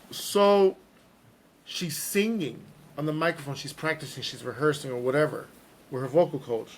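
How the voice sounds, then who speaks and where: A man hosting a podcast in casual, playful chat, animated and joking. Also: medium pitch, vocal fry, slight background noise. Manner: playful, animated, breaks into singing and impressions. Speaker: podcast host.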